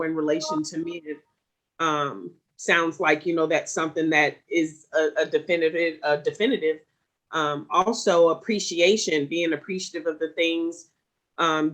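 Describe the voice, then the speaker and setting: A panel moderator wrapping up a live online discussion with a bright, crisp tone. The speech rambles, full of fillers and restarts, at a mid pitch.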